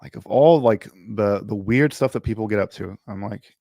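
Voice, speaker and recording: A man's voice: lowish voice, unhurried, darkish tone, no room sound, studio quality. A man from Mississippi, hosting a livestream Q&A and talking casually with lots of fillers and restarts. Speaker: host. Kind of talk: livestream Q&A chat.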